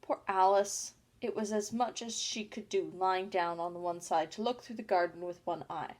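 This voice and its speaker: A woman reading a classic storybook aloud. Her reading is plain and unhurried, with a small slip now and then. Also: medium pitch, steady tone, darkish tone. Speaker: audiobook reader. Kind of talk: storybook narration.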